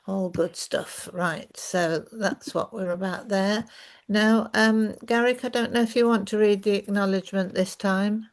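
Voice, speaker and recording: A woman hosting an online meeting, talking in a relaxed, chatty way with many fillers, then reading a formal acknowledgement and reflection. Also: medium pitch. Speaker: host.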